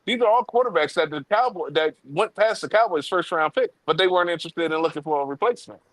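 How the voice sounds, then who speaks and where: A man's voice: fairly high pitch, expressive, fast, dry recording, rough recording. A man on a sports talk panel, laying out his argument point by point in a casual debate. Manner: argumentative, lays out points step by step. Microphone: remote streaming call.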